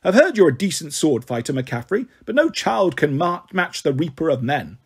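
A man voicing a menacing male swordsman villain who taunts his opponent in a low, hushed way. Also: big pitch swings, normal speed, breathy edge, heavily acted. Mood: taunting.

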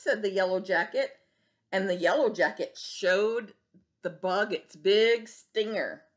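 A woman preschool teacher reading a picture book aloud to young children, gentle and expressive, asking them questions. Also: fairly low pitch, a little slow.

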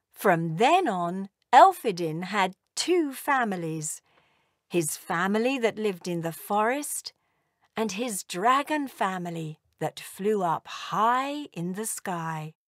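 Slow, lilting woman reading a storybook. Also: mid-range voice, no room sound, clean studio sound. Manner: slow, expressive read-aloud. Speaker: storybook narrator.

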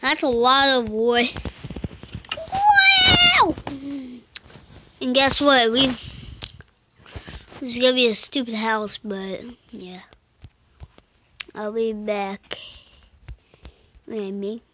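A woman giving casual let's-play commentary while she plays, muttering to herself, slipping into whispers and breaking into sudden excited outbursts. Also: on the high side, takes it slowly, pauses often, background noise.

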